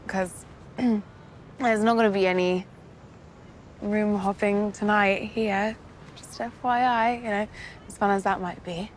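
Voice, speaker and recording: An actress playing a provocative, teasing young woman with a soft, hushed voice in a TV drama scene. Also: mid-range voice, fairly even intonation, unhurried, long pauses, slight background noise, lightly acted. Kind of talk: TV drama acting.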